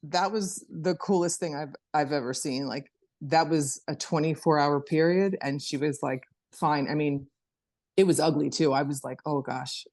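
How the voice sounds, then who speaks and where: A middle-aged woman on a video call, telling a personal story in an animated way and acting out her child's words. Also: normal speed. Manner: animated storytelling, acts out her daughter in a high voice. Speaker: interview participant.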